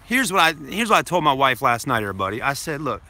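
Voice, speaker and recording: A man's voice: medium pitch, sing-song, quick pace, sharp tone. A man telling a story to his live stream viewers in a casual, rambling way, repeating himself, swearing now and then, and addressing them as folks.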